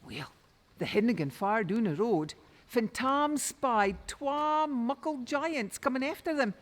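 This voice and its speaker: A woman with a Doric Scots accent telling a traditional folk tale in rich dialect, lilting and expressive. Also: a little high, slow. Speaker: storyteller. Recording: long reverb.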